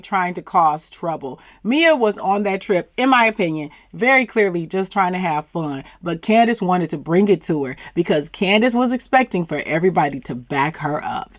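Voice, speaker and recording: A woman's voice: mid-range voice, a bit bright, no echo, studio quality. A woman hosting a casual recap channel, sassy and emphatic, with slangy turns of phrase and mocking laughs. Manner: sassy, emphatic, uses southern slang like "plumb fool". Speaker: commentary channel host. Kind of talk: casual reality-TV recap commentary.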